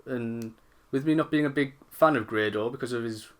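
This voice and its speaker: A man offers his thoughts on a wrestling match in casual talk. His voice sits at an ordinary mid pitch, and he hesitates and restarts as he goes. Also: moderate pace. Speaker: guest reviewer. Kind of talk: casual spoken opinion.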